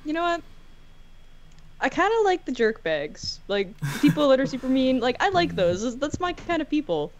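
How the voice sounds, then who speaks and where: A woman's voice: high voice, big pitch swings, moderate pace, highs cut off, slight background noise. A woman with a Canadian accent, a guest on a podcast, chatting casually, hedging her views and joking.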